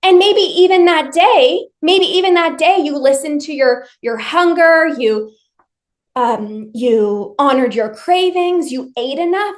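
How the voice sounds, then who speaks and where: A woman's voice: high-pitched, lively intonation, measured pace. A woman leading a live online workshop, speaking to her viewers directly with emphatic, repetitive phrasing.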